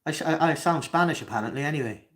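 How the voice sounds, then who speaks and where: His voice sits on the high side, animated and rapid-fire, as this young Cardiff man from Wales hosts a live Q&A and reads out the chat. He speaks hesitantly, peppering it with ums and restarts.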